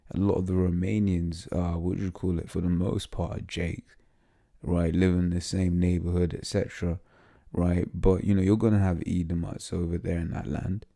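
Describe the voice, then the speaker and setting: A man with a very low, gravelly voice teaches scripture in a loose, unscripted way. His tone is dark and mellow, and he often stalls on fillers and restarts as he reads passages aloud. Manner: halting, full of fillers and restarts. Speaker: religious teacher.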